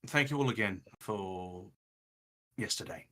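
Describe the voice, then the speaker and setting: A calm, earnest leader, as a game master voices him, speaking slowly and deliberately. The voice is bright and clear, with unhurried pauses. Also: male voice, low-pitched, pitched below the performer's own voice.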